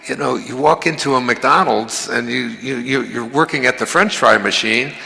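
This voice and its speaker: A man's voice: mid-range voice, normal speed, vocal fry, bright, forceful tone, slightly rough. An older man giving a motivational lecture, telling stories in a conversational way that often repeats and restarts words. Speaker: motivational speaker. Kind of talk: storytelling lecture.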